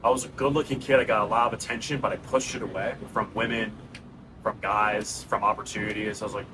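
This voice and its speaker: With a steady tone and a lowish voice, this man talks fast against a noisy background. He's a channel host in his thirties with a New York accent, delivering a raw, earnest, casual monologue to the camera and calling viewers "bro" and "guys."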